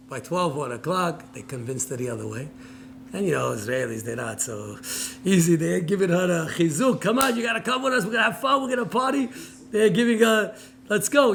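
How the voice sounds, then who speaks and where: A man, a rabbi, preaching a sermon as an animated story, acting out the dialogue, swinging between loud and soft, with Hebrew words mixed in. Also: on the high side, a little hiss or hum.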